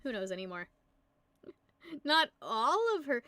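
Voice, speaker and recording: A young woman streamer with a high, bright-pitched voice, talking loosely and giggling between rambling answers. Her voice sounds close and dry, with no room around it. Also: sing-song, slow pace, long pauses, dry recording. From United States. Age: young adult. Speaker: livestreamer. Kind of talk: casual live-stream chat.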